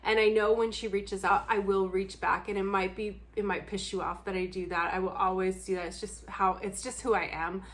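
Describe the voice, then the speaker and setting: A woman's voice: mid-range voice, little pitch movement, a little fast, hardly any pauses. A young adult woman talking bluntly and candidly to camera in a casual vlog chat, laughing often and swearing freely. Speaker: book vlogger.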